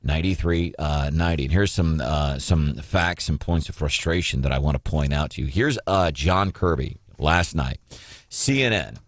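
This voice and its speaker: A man's voice: a bass voice, a little slow, no echo, studio quality. A man hosting a morning talk radio show, giving sarcastic, combative commentary on the news. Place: radio studio.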